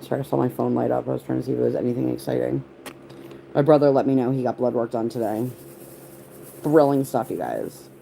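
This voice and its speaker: Low-voiced rambling woman livestreamer. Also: fast talker, vocal fry, warm tone, slight background noise. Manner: rambling, tangent-prone, heavy use of "like"; answers viewer chat comments. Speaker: livestream host. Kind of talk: casual livestream chat.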